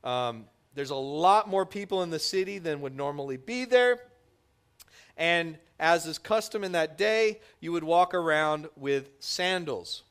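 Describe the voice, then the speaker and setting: A man preaching a sermon, telling the story with lively voices for its characters. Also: fairly high pitch, unhurried, clean tone. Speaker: pastor.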